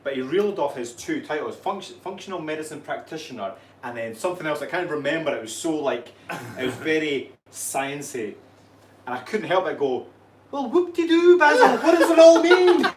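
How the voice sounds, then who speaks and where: This relaxed Scotsman, a fitness coach, banters and laughs with his co-host on a live stream. His voice is a little high and fairly quick, and the audio has room echo, a far-off mic, and slight background noise.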